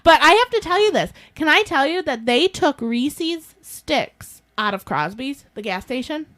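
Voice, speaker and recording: High-voiced woman telling animated stories. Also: unhurried. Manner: animated storyteller, swears freely, acts out quotes. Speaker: podcast co-host. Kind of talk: casual chat.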